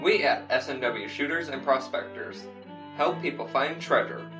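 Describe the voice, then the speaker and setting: A man reading an upbeat sales pitch in a comic radio ad. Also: lively intonation, normal speed. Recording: distant voice with guitar music.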